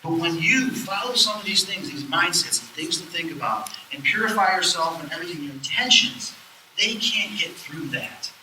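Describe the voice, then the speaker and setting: A man lectures to a live audience, lively and storytelling, slipping into the voices of the people he quotes. His voice is bright and sharp, and a little high for a man. The recording is roomy and distant, with a faint hiss under it. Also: normal speed. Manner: animated storyteller who acts out quoted voices. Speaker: lecturer on spirits and the afterlife. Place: lecture hall at a public event.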